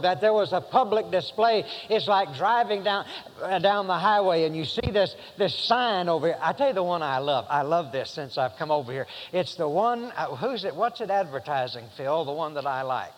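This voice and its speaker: Guy preaching a sermon, kinda high voice, lots of uh's and restarts, big echoey hall. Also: expressive, moderate pace. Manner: rambling, many fillers and restarts, rising to emphatic passages.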